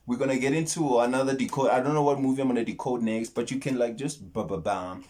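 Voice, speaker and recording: A young South African man with a South African accent, signing off a casual film breakdown vlog in a playful way and jumping into high exclamations. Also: quick pace, hardly any pauses, darkish tone.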